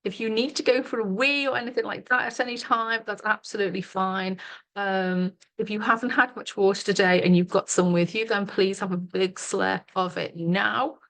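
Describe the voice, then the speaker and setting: A woman's voice: mid-range voice, fairly even intonation, moderate pace, a bit bright. A middle-aged woman, leading a live online workshop as a coach in a chatty, giggly way full of fillers, over a webcam mic.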